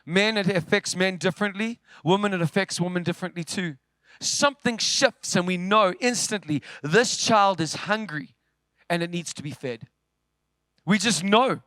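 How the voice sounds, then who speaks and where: Man, preacher, high bright voice, animated sermon storytelling, dry close sound. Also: moderate pace, dry recording. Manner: animated storyteller, swings from loud to hushed. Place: church.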